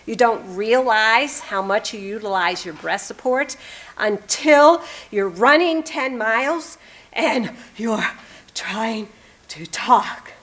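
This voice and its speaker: A woman's voice: on the high side, expressive, slow pace, a bit bright. A woman in her fifties, a music therapist, giving an upbeat live demonstration talk and coaching a volunteer in front of an audience. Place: presentation room with audience.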